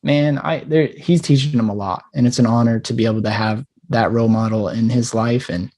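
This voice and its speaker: A man at a middle pitch, co-hosting a relaxed podcast conversation. He talks bluntly and swears freely. He livens up his stories with quick acted-out bits. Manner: profane, blunt, animated storytelling. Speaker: podcast co-host. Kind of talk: casual chat.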